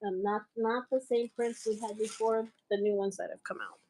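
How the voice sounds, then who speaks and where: A woman's voice: medium pitch, fairly even intonation, moderate pace, a little mellow, slight background noise. A middle-aged woman chatting on a craft live stream, telling stories and laughing often while she works.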